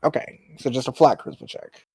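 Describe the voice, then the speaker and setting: A man running a tabletop game as dungeon master, relaxed, with fillers and quick apologies. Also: medium pitch, vocal fry, breathy edge, soft background music.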